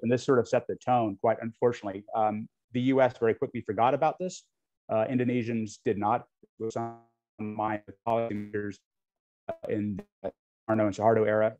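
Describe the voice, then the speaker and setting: A fairly low-pitched, slightly mellow male voice belongs to an American from the United States speaking as a guest on US-Indonesia relations. He talks frankly without a script, with frequent ums and restarts, and the recording sounds dull and lo-fi.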